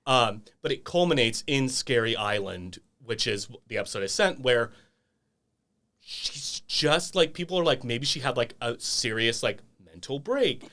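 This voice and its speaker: A young man, a guest on a casual podcast, retelling stories with lively quoted voices. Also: mid-range voice, measured pace. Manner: animated storytelling with quoted voices.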